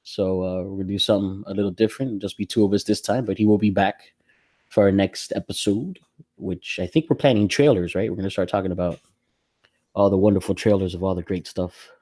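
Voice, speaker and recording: A man hosting a casual podcast chat, relaxed and rambling, laughing often. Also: deep voice, fairly quick, no room sound, studio quality. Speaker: podcast host.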